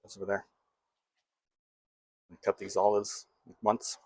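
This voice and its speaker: A man's voice: on the low side, monotone, measured pace, dry recording. A man hosting a casual home cooking vlog, talking to himself in a playful, jokey way while he cooks in his kitchen.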